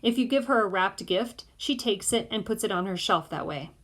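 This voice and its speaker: A woman narrating an audiobook in the first person of a boy, in a measured way. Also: mid-range voice, a bit bright.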